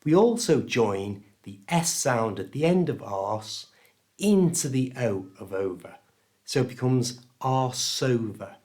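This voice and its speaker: A man's voice: medium pitch, very animated, takes it slowly, darkish tone. A man with a British accent teaching English pronunciation in a scripted lesson, stressing each sound with care. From United Kingdom. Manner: careful, clear pronunciation coaching.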